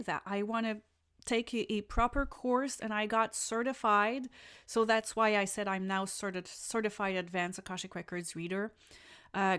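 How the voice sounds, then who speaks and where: A woman hosting a podcast, telling a personal spiritual experience in a lively, enthusiastic way, with casual asides and restarts. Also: medium pitch. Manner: animated and enthusiastic, with laughs and restarts. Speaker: podcast host and spiritual reader. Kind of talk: casual first-person storytelling.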